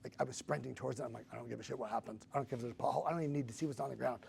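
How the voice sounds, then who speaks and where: Middle-aged man, gravelly, casual storyteller acting out the lines, mid pitch. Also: rapid-fire, slight background noise. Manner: animated storyteller, acts out quoted dialogue.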